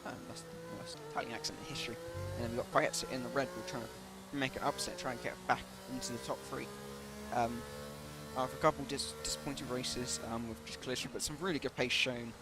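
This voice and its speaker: A man's voice: medium pitch, fairly even intonation, fast talker, loud music behind the voice. Hesitant man commentating a sim race. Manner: hesitant, full of ums and self-corrections. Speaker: league race commentator and streamer. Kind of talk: live race commentary on a stream.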